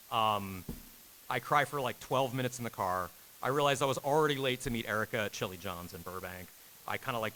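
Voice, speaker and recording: A man in his thirties telling an animated story on a convention panel, acting out the quotes with big jumps in pitch and laughing as he goes. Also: slight background noise, poor audio. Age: 30s. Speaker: game director on a convention panel. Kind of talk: animated storytelling to a live audience.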